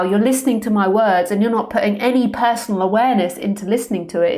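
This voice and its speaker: A woman spiritual teacher giving a live-streamed talk from a room at home, earnest and searching, pausing often. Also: mid-range voice, a little mellow. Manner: earnest, searching, with pauses and ums.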